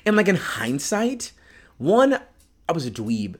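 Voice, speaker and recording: Animated young man, lively pitch. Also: a little slow. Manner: animated, laughing, expressive. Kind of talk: casual chat.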